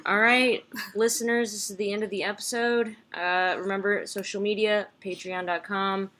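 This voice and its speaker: A woman hosting a podcast, relaxed as she wraps up the episode. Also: medium pitch, moderate pace. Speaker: podcast host. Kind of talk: casual chat.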